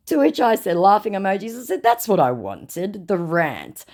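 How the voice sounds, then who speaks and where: A woman's voice: medium pitch, big pitch swings, moderate pace, hardly any pauses, a little mellow. A woman narrating a storytime vlog, reading out chat messages in a sarcastic, mocking way. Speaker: vlogger recounting scam chats.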